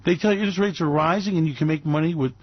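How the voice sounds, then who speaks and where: A man's voice: on the high side, racing, dry recording, highs cut off. A man hosting a radio show, ranting sarcastically and slipping into mocking, theatrical silly voices.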